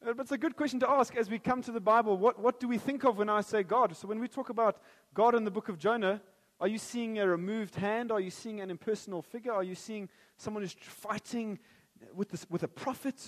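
Man, preacher, sermon, high voice, long hall reverb. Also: a little fast. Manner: jokey and animated at first, then earnest and prayerful.

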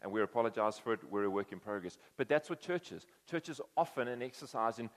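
A man's voice: mid-range voice, lively intonation, fast, big-room sound. A man preaching a conversational sermon, acting out quoted voices as he tells the story. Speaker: pastor.

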